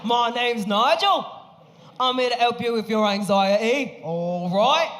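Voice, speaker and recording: A woman voicing a cheery man with a Cockney British accent who guides a meditation, loud rather than soothing, in a noisy live comedy club. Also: on the high side, lively intonation, measured pace, voice pushed up. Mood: chirpy. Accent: Cockney British (put on).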